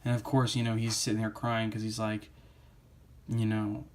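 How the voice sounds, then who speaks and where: A man's voice: fairly low pitch, completely flat delivery, moderate pace. A man giving a casual spoken comic book review, rambling with lots of fillers like "uh" and "you know".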